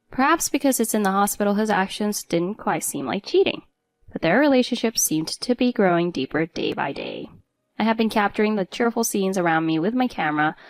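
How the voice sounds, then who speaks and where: A woman narrating a first-person story in an earnest, emotional way. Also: medium pitch.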